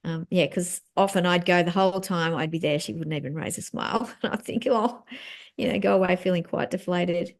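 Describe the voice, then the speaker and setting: A middle-aged woman speaking as a guest in an interview, talking frankly and reflectively, with soft laughs and plenty of fillers. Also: on the low side, steady tone, brisk, few pauses. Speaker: author and guest. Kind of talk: candid conversational interview.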